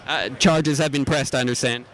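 A man's voice: medium pitch, fairly even intonation, normal speed, fairly bright tone, poor audio. An Australian man hosting comedic interviews at a convention, asking absurd questions with a mock-earnest manner. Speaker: host, roving interviewer. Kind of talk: comedic vox-pop interviews. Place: outdoor convention.

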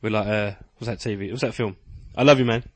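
A man's voice: lowish voice, fairly even intonation, fast talker, no room sound. A young man co-hosting a comedy podcast, joking around in a playful, casual way. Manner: playful, jokey, slips into silly voices. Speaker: podcast co-host.

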